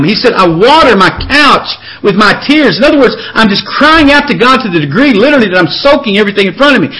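A man with a high voice preaching a fervent sermon. He reads scripture aloud and urges his listeners on, often repeating words as he presses each point. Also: lively intonation, quick pace, hardly any pauses, bright, forceful tone, rough recording. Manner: impassioned preaching, repeats words when building up. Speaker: pastor.

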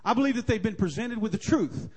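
Guy preaching, real high pitched, swings up and down a lot, hammers his points again. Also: expressive, quick pace, slightly rough. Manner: repeats key lines, rising to forceful emphasis. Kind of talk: sermon.

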